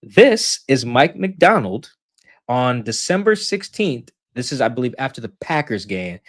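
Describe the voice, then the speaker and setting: A man's voice: mid-range voice, big pitch swings, unhurried. A man co-hosting a football show, casual and joking, rambling with fillers. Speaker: co-host. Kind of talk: casual sports chat.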